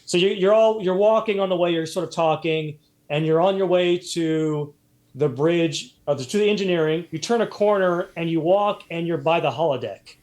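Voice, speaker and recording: A man's voice: on the high side, normal speed, darkish tone. A man running a tabletop role-playing game as game master, narrating loosely with many fillers and restarts.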